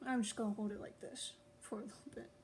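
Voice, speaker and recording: A woman's voice: fairly high pitch, fairly even intonation, fast talker, a little mellow, slight background noise, low-quality recording. A young adult woman chatting casually to viewers in a rambling, offhand way. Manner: rambling, chatty, laughs at herself. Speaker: online writer and video creator. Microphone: phone.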